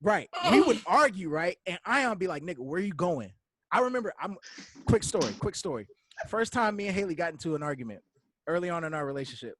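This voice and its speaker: A man co-hosting a casual podcast, telling animated stories and acting out quoted dialogue. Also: sits high, fast, no room sound. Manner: laughing, joking with cohosts. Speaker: podcast co-host.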